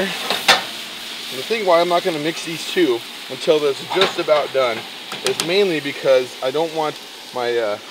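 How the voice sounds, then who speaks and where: A man chatting casually as he cooks outdoors, explaining each step in a relaxed way. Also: mid-range voice, distant mic, background noise. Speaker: outdoor cooking vlogger. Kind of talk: casual cooking narration. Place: outdoors at a campsite.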